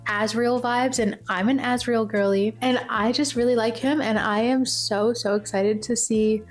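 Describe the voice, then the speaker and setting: A woman's voice: a little high, steady tone, normal speed, faint music behind. A young woman talking casually as a book vlogger, gushing and repeating herself with lots of fillers. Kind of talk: casual chat.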